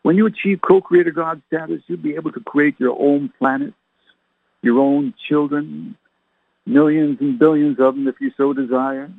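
A husky-voiced man delivers a radio sermon as a reverend, pressing his listeners with question after question. The sound is tinny and phone-like, with a dry, close feel. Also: on the high side, steady tone, moderate pace, dry recording. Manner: preachy, full of rhetorical questions to listeners.

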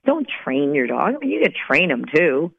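A woman's voice: low voice, normal speed, creaky, slightly rough. Woman radio host, dog-training advice, conversational and wry, tinny phone-line sound. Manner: lively, conversational, lightly joking. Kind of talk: radio talk show monologue.

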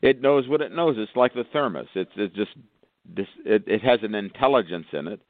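Man, guest doctor, low voice, rambling lists, narrow phone sound, dry. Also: lively intonation, brisk, no echo. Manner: rambling, lists conditions, bursts of higher pitch. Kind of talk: phone-in radio interview.

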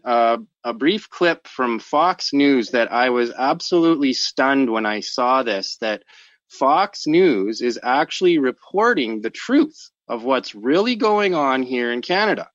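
A man's voice: mid-range voice, fairly bright tone, dry recording. A man hosting an online talk show, reading figures and speaking hesitantly with many fillers. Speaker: show host. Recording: dry dull lo-fi audio.

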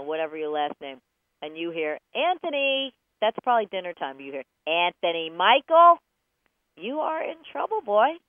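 A woman's voice: lowish voice, dry recording. A woman hosting a radio advice show about dog training, chatty and jokey, often acting out voices as she talks. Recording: dry, tinny phone-like radio sound.

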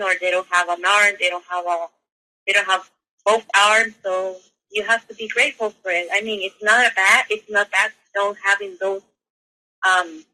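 A woman guest on a talk show, telling a personal story in a halting way, with many restarts and fillers. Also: mid-range voice, pushed and bright, low-quality recording. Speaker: interview guest. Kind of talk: casual spoken storytelling.

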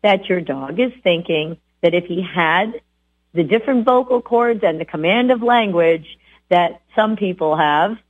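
A woman hosting a radio show about dog training, coaching listeners in a lively, direct way. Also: on the low side, measured pace. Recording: tinny phone-like sound.

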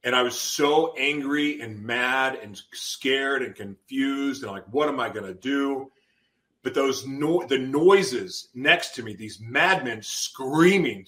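Guy telling his life story on a podcast, bright sharp voice, gets intense. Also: medium pitch. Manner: intense, storytelling, acts out his own past outbursts. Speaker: podcast guest. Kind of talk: emotional personal testimony.

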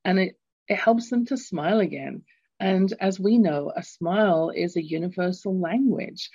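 A woman's voice: fairly low pitch, normal speed, warm tone, husky, no room sound. A woman in her fifties talking earnestly in a conversational interview, telling inspirational stories. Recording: dull lo-fi sound.

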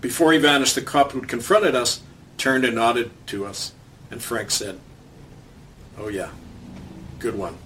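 A man reads his own commentary column aloud with a dry, sardonic edge, moving between wry jokes and storytelling. His voice is mid-pitched and sounds set back from the microphone. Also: moderate pace, fairly bright tone, distant mic, slight background noise. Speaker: commentator and host.

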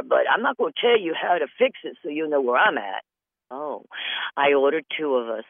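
Male comic host, rambling and erratic, somewhat high voice, dry tinny phone-line sound. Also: gravelly, no room sound. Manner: erratic, digressive, swings into mocking quoted voices. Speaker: comedy radio host.

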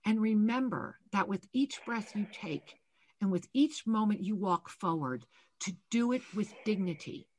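A woman co-hosting a live spiritual call-in radio show, giving slow, soothing readings to callers. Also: medium pitch, animated, a little mellow. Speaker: co-host, spiritual teacher.

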